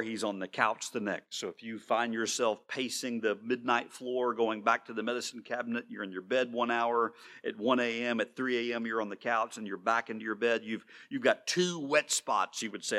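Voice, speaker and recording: A male pastor delivering a sermon in an earnest way, slowing down to stress his words and now and then repeating himself. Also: medium pitch, pushed and bright.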